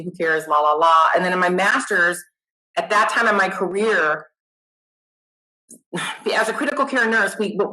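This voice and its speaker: A middle-aged woman, a nurse guest, chatting casually in an interview, animated and self-deprecating. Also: lowish voice, poor audio.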